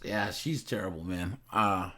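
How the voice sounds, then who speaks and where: A man's voice: low voice, measured pace, bright, forceful tone. A man hosting a reaction channel, chatting casually and rambling, repeating words and laughing often.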